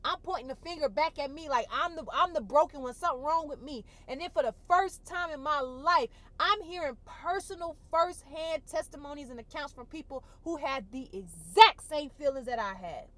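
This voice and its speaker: A woman vlogger giving an emotional personal testimony in a colloquial, expressive way, repeating phrases for emphasis and holding back tears. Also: high-pitched, moderate pace, few pauses. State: tearful.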